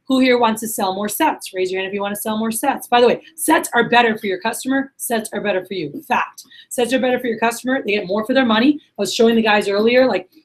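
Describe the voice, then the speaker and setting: A young female sales trainer teaches a workshop in front of a group in a meeting room, and the audio is poor. Her pitch sits fairly high. Bursting with energy and chatty, she quizzes attendees and plays out customer reactions.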